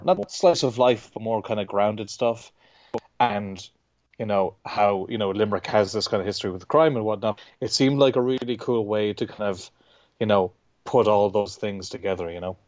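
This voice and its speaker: Irish man, lowish voice, dry slightly dull recording, rambling casual talk. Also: darkish tone, dry recording. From Ireland. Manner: rambling, self-interrupting, swears casually. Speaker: guest comic artist. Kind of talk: casual interview chat.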